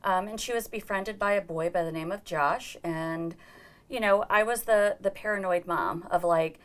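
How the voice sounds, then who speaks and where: A woman's voice: mid-range voice, normal speed. A middle-aged woman giving an earnest personal account as an interview guest, acting out the dialogue she quotes.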